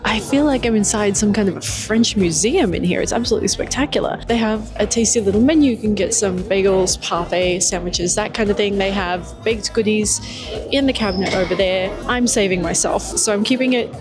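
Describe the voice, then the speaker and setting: A young adult woman travel vlogger who talks in an enthusiastic, upbeat and descriptive way. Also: mid-range voice. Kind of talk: travel vlog narration.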